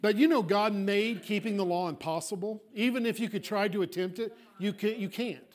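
A male pastor preaching a sermon, emphatic, swinging between loud declarations and hushed asides. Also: high-pitched, brisk. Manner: acts out congregants' objections in a small voice.

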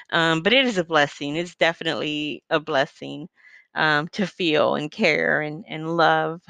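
A middle-aged woman gives a heartfelt, faith-based monologue, earnest and meandering with many fillers. Her slightly low voice is smooth, clear and fairly bright, captured in a close, dry recording with no room sound or echo.

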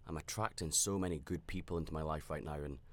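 A man with a very deep voice opens up about a personal story on his podcast. Rambling and candid, he keeps restarting sentences and filling pauses, in a reflective, self-aware manner.

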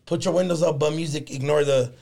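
Profane, animated young man telling a story. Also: a little high, fast, gravelly. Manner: profane, animated storyteller, slips in Spanish slang. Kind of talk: casual storytelling on a podcast.

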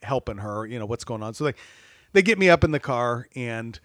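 A man's voice: medium pitch, a little fast, dry recording. Guy telling a goofy story on a podcast, laughs a lot, dry close sound. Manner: animated, laughs often, self-deprecating. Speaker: church staff guest. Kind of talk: casual storytelling chat.

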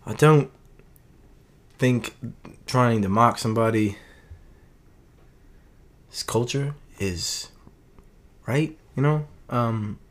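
A man's voice: mid-range voice, extremely slow, pauses often. A man talking through a casual late-night monologue in a rambling, earnest way, often restarting his sentences. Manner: rambling, earnest, self-correcting.

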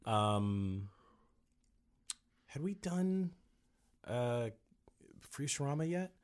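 A man's voice: medium pitch, extremely slow, smooth. A middle-aged man, a voice actor, chatting casually and acting out the people he quotes as he tells stories. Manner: animated storyteller, acts out quoted people. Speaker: voice actor guest. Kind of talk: casual podcast conversation.

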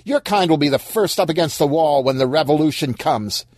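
A man's voice: fairly low pitch, fairly even intonation, fast talker, no room sound, studio quality, close to an everyday voice. Man voicing a sullen, snarling goth kid.

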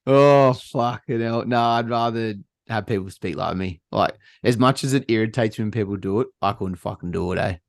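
A young Australian man hosting a casual podcast chat, laughing often and swearing freely in relaxed banter. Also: lowish voice, moderate pace, creaky, few pauses, dry recording, clean studio sound. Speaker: podcast host.

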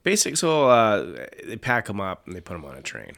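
A man with a fairly low voice talks through a film in a loose, friendly chat. He is openly enthusiastic, chuckling at the funny parts and quoting the lines he loves. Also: huge pitch swings, normal speed, vocal fry, fairly bright tone. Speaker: podcast co-host. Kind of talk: casual film discussion.

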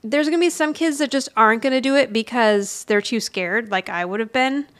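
A woman in her forties, a podcast co-host who chats casually, with quick restarts and little asides. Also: on the high side, fairly bright tone, smooth. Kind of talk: casual chat recapping a sitcom episode.

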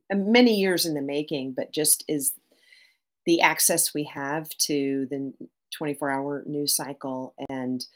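A middle-aged woman therapist talks as a guest on a podcast. Her voice sits low, and she speaks in an animated way, restarting phrases and checking in with "right?". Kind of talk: podcast interview.

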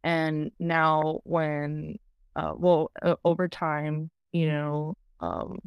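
A woman's voice: low voice, level tone, extremely slow, gravelly, smooth, no echo, highs cut off. A woman talking candidly in an interview, rambling and filling her talk with "you know" and "like". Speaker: program client sharing her story.

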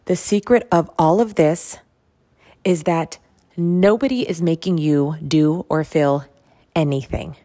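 Woman, lower-pitched, solo motivational podcast host; earnest, emphatic delivery that hammers points through repetition. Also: slow, warm tone. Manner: earnest, emphatic, repeats phrases for stress. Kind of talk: motivational self-help monologue.

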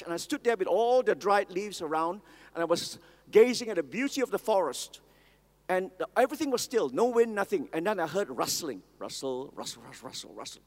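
A male preacher tells stories in his sermon and keeps asking the audience questions. His voice sits high. A long reverb of a large hall carries every line. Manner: storytelling, asks the audience questions.

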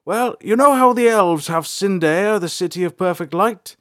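A man's voice: high-pitched, animated, normal speed, dry recording, clean studio sound, pitched above the performer's own voice. A man voicing a boisterous, friendly male adventurer in a storybook. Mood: hearty. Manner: loud, hearty, jokey.

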